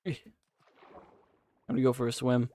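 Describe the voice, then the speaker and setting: A man's voice: medium pitch, completely flat delivery, normal speed, warm tone. A man giving casual, profane live commentary while playing a game, chatting to himself and his viewers. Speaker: streamer.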